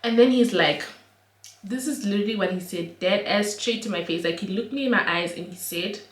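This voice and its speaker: A young woman, telling an animated, slangy storytime for her vlog. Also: medium pitch, brisk. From Namibia. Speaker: vlogger. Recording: roomy echo.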